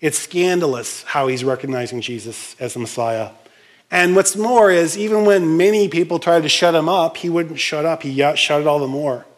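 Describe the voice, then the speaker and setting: A man preaching a sermon as pastor, animated and conversational, acting out scenes and speaking to the congregation with frequent asides. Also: fairly high pitch, moderate pace. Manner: animated, uses props and acts out scenes.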